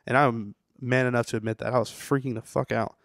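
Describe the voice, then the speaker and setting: A man's voice: mid-range voice, steady tone, a little fast, gravelly, dry recording, clean studio sound. A young man, a tattooer, telling a story in a rambling, profane way full of "you know" on a podcast. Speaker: tattooer guest. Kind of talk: casual storytelling interview.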